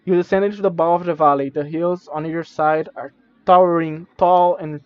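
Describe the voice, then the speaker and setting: A man's voice: on the high side, fairly even intonation, fairly quick, clear, resonant tone, no echo, highs cut off. A man streaming, reading a gamebook aloud with stumbles, restarts and casual asides. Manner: reads with stumbles and self-corrections, casual asides.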